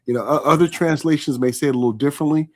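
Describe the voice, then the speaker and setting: A man from California hosting a live online interview, chatting warmly and reading out viewer comments as he goes. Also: a little high, rapid-fire. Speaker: host.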